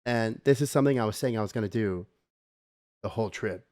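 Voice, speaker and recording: A man's voice: on the low side, a little fast, a little mellow, no echo, studio quality. Rambling young man telling a story. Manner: rambling storytelling, swearing, lots of fillers. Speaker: podcast co-host. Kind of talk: casual chat.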